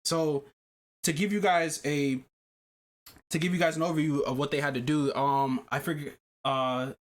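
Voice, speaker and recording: Animated man telling a profane story. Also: fairly high pitch, normal speed. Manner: animated, profane, repeats himself. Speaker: podcast host. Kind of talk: casual storytelling chat.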